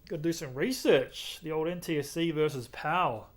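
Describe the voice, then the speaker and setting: With a fairly high voice at a moderate pace, a young Australian man with an Australian accent chats casually with viewers during a racing game stream. He's easygoing and talkative throughout.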